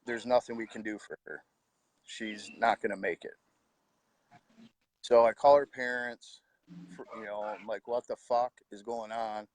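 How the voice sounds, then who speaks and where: A middle-aged man, quietly telling his own story of losing his wife, with halting pauses and heartfelt words. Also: lowish voice, steady tone, no echo. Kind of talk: personal storytelling.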